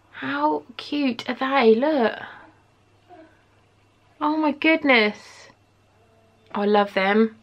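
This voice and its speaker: A woman in her thirties from England, chatting excitably while unboxing and gushing over each item. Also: on the high side, husky. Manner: gushing, excitable, with sudden gasps and soft mutters. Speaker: vlogger. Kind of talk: casual unboxing chat. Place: home room.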